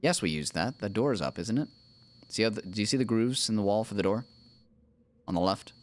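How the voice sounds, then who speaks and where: A man with a fairly low, expressive voice talks briskly while streaming a video game alongside his wife. He chats playfully, narrates his own moves, and hums silly nonsense tunes in this casual livestream commentary.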